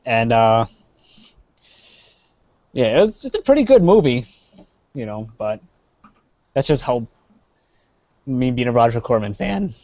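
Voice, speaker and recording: A man from the Chicago area co-hosts a casual live-streamed chat, rambling and trailing off with plenty of "uh" fillers. He speaks slowly in a mid-range, dark-toned voice with big pitch swings and long pauses, over dull lo-fi stream audio.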